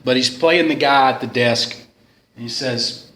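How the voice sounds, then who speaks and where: A man's voice: mid-range voice, measured pace, fairly bright tone. A man giving a rambling, joking, self-deprecating talk at a recovery meeting. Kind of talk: casual storytelling talk. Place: meeting room of a club. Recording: roomy hall sound with faint noise.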